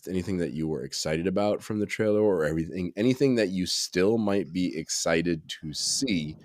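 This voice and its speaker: A man's voice: low-pitched, normal speed, a little mellow. A man co-hosting a podcast in casual chat, wandering into asides and correcting himself as he goes. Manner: meandering, self-correcting asides. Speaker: podcast co-host.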